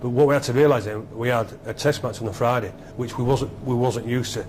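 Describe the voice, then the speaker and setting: A middle-aged man, a former rugby captain being interviewed, telling stories excitedly and repeating himself. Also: medium pitch, fast, a little hiss or hum. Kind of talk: animated storytelling interview.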